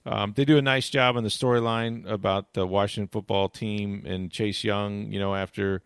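A man with a lowish voice talks sports in a casual, rambling way. He restarts often and scatters "you know" through his sentences. He retells game moments with animation, and the sound is dry and close. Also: fairly even intonation, normal speed, vocal fry, clear, resonant tone, no echo. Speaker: sports commentator. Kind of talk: casual chat.

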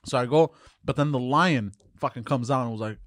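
A man's voice: medium pitch, dry recording. A man on a casual podcast telling a story in a mid-range voice. He stops and restarts often, and the sound is dry and close. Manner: halting, many fillers and restarts, laughs off teasing.

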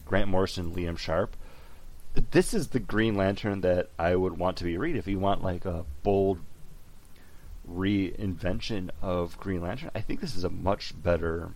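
A man chatting casually among friends on a podcast. His voice sits a little low, and he talks in quick, animated bursts full of fillers and restarts. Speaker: podcast co-host. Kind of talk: casual chat.

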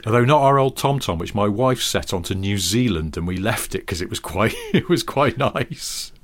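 A man's voice: lowish voice, expressive, moderate pace. A man co-hosting a podcast in casual comedic chat, wry and imaginative, chuckling as he builds up a bit. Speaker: podcast co-host.

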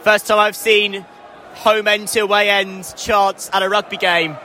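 A young male rugby commentator with a high, bright voice calls the action live from an open-air stand. He turns excitable and shouts when play nears the try line. Faint ambient noise sits behind him. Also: a little slow, a faint crowd. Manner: excitable, rising to shouts at scores. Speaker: match commentator. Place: outdoor stadium stand.

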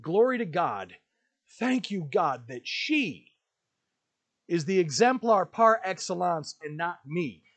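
A man's voice: high-pitched, very animated, slow, fairly bright tone. A man hosting a podcast, delivering an emphatic, ranting monologue with lots of repetition. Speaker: podcast host.

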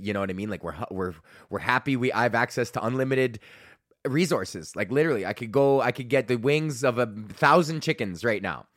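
A man's voice: mid-range voice, a bit bright, dry recording, studio quality. A man hosting a podcast from home, ranting casually, swearing a lot and laughing at himself. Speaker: podcast host.

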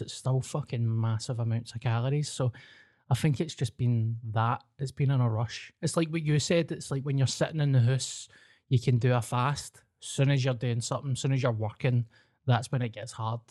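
A slightly mellow, mid-range male voice with fairly even intonation moves at a normal speed. The speaker is a Scottish podcast co-host in casual chat who is blunt, jokey and unafraid to swear.

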